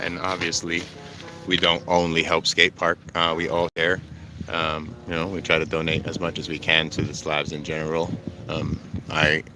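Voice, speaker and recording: Broadcasting live from a desert skate park camp, a vlogger with an extremely low voice chats loosely with his viewers. Steady background noise runs through the recording, and his rambling talk is full of "like" and "um."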